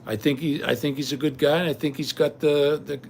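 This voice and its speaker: A man's voice: fairly high pitch, little pitch movement, fairly quick, vocal fry, a little hiss or hum. An older man hosting a livestream, ranting indignantly and rambling straight at his viewers. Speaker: livestream host. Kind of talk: casual rant to viewers.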